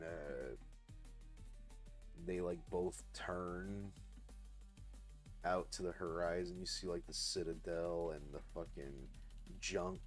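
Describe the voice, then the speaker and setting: A young man on a livestream casually pitching a story. He rambles, swears and fills every pause with "like". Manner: rambling, heavy "like" filler, cursing. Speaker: artist streamer.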